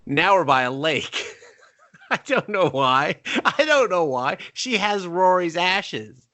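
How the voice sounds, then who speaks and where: Male podcast co-host, sharp and bright, riffs sarcastically through plot recaps. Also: high-pitched, sing-song. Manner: sarcastic, profane, acts out scenes in quick mock voices. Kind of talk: casual movie review chat.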